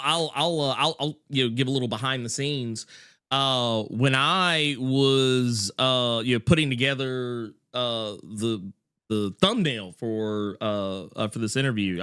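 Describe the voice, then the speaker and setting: A man hosting a casual interview, talking in a rambling, halting way with many restarts. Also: medium pitch, pushed and bright, clear, resonant tone. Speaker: podcast host.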